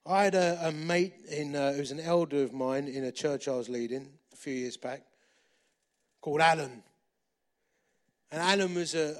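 Lively preacher telling a story. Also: male voice, on the high side. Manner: lively, repeats phrases for emphasis, shifts between loud and hushed. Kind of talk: sermon with storytelling.

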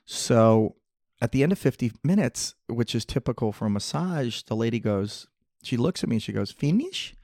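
A man in his fifties, a schoolteacher co-hosting a casual comedy podcast, telling stories with lively acted-out quotes. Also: medium pitch, normal speed, dry recording, studio quality. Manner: animated storyteller, acts out quoted voices. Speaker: podcast co-host.

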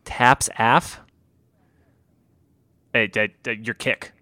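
A man's voice: medium pitch, steady tone, drawn-out words, bright, forceful tone, no echo. A laid-back man co-hosting a casual sports talk show, chatting loosely with many fillers. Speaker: podcast co-host. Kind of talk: casual chat.

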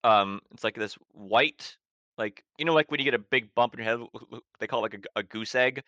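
A man's voice: medium pitch, brisk, bright, forceful tone, no room sound, dull audio. A man running a tabletop horror game as game master, describing scenes with many ums and restarts.

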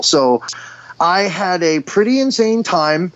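Animated high-voiced man telling a story. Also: a little fast, dull audio. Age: 40s. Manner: animated, heavy use of "dude" and "like". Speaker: guest. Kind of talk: casual storytelling.

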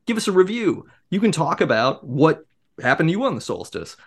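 Animated joking man with a lively voice. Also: on the high side, a little fast, breathy edge. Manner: animated and joking, often laughing. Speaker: podcast co-host. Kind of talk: casual chat.

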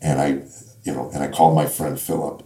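A middle-aged comedian speaks in a low, mellow voice, telling his faith story in halting, repetitive bursts. He is recorded from a distance in an echoey room. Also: level tone. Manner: halting storyteller, repeats words, acts out quotes. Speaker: comedian guest. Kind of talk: conversational faith testimony.

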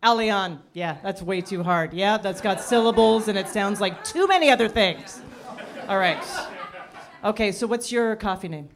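A woman's voice: mid-range voice, lively intonation, moderate pace. A woman doing a stand-up comedy set, chatty and self-mocking, acting out the voices she quotes. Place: comedy stage before a live audience. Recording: live club crowd laughing. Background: audience laughter.

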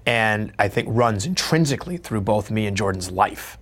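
A man's voice: on the low side, moderate pace. A middle-aged actor giving a reflective interview, telling stories with energy and acting out the people he quotes. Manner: animated storyteller, acts out quotes. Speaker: actor and guest.

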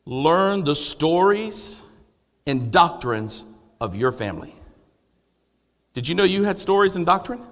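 A man's voice: sits high, pushed and bright. A man preaching a sermon to a congregation, asking rhetorical questions and building to emphatic declarations. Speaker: pastor. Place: church sanctuary. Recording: long hall reverb.

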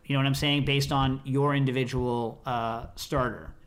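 A middle-aged man from the United States hosts a podcast, chatting casually in a rambling way and often interrupting himself. His voice is medium in pitch with a level tone, at a normal speed.

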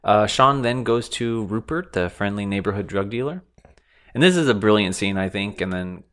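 Male podcast host, very low voice, relaxed, wry, casual film recap. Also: moderate pace. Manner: relaxed, wry, filler-heavy.

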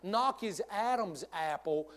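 A man's voice: sits high, animated, slow, a bit bright, a faint crowd, full character voice. A man voicing a sly male devil who eggs people on. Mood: mischievous. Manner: egging on, mischievous.

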